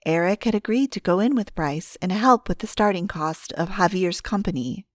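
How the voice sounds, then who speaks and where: A woman narrating an audiobook in a calm, steady storytelling manner on a close mic. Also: mid-range voice, normal speed, no room sound.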